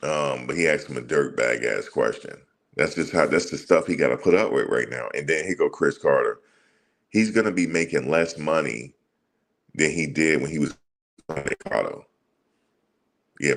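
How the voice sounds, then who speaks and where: A man's voice: rumbling low, animated, normal speed, creaky. A man hosting a sports channel, ranting heatedly and profanely in a casual monologue, repeating himself as he goes. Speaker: sports commentary channel host.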